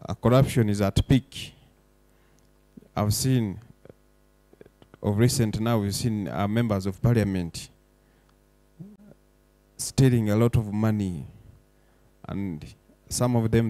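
A man's voice: lowish voice, fairly even intonation, takes it slowly, long pauses, dry recording. A young man giving an emotional, impassioned public speech as a foundation director. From Uganda. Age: young adult. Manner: impassioned, rising to forceful declarations. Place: event hall.

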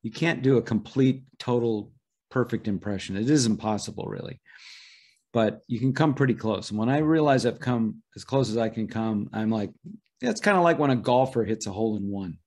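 A man's voice: on the low side, brisk, darkish tone. A middle-aged man, a voice impressionist, answering interview questions thoughtfully and at length, with small restarts. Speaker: voice impressionist guest.

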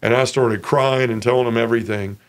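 A man giving an earnest, emotional personal testimony as an interview guest, acting out other people's voices as he tells the story. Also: brisk. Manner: animated, acts out others' voices with raised pitch.

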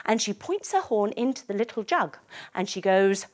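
A woman's voice: mid-range voice, expressive, normal speed, loud music behind the voice. A woman leading a children's yoga class through a story, giving encouraging instructions and making playful sound effects.

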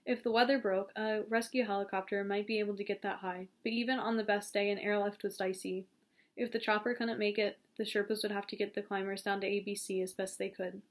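A woman reading a novel aloud, steady and calm, now and then stumbling and restarting a phrase. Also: mid-range voice, fairly quick. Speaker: audiobook reader.

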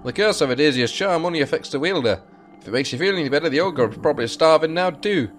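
A man voicing a hearty, loud woman blacksmith's daughter in a game, in a put-on regional accent. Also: on the high side, quick pace, voice pushed up, natural voice. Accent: put-on British regional accent. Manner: loud, bellowing, excited.

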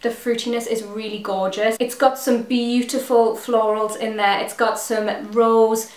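A woman's voice: on the high side, flat delivery, measured pace, reverberant. An English woman vlogger reviewing fragrances to camera, gushing and enthusiastic as she lists scent notes one by one. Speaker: beauty vlogger.

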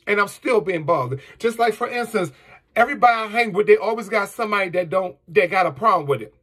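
Fired-up guy ranting at the camera, high voice, kinda husky, lotta cussing, aave. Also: expressive, fast, a bit bright. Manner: heated, profane, rhetorical questions. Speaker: vlogger. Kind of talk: angry monologue to camera.

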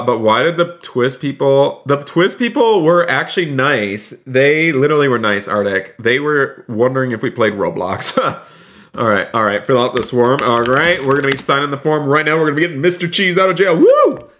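A man live-streaming a roleplay game, excitedly narrating each move to his viewers and often repeating himself. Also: mid-range voice, normal speed. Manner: repeats phrases, keeps saying "you guys".

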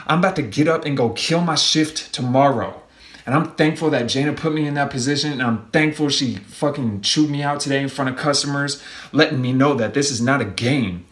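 A young man telling the camera about a rough shift in a loose, profane, animated way. His voice sits in an ordinary middle pitch. The room is echoey and hollow. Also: fairly quick. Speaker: vlogger. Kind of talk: casual motivational vlog rant. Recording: roomy echo.

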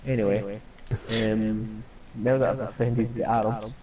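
A man's voice: fairly low pitch, steady tone, a little slow, crowd noise, rough recording. A man chatting casually and crudely while streaming a game, swearing and joking. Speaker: live-stream gamer. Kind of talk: casual gaming chat.

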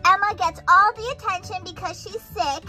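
A woman's voice: very high-pitched, normal speed, sharp tone, faint music behind, voice pushed up, full character voice. A woman voicing a jealous, whiny little girl doll who sulks and complains. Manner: sulky, whining. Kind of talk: doll play-acting.

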